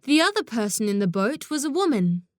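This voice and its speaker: A woman narrating a children's audiobook in an expressive storytelling manner, close to the mic. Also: a little high, a little fast, no room sound.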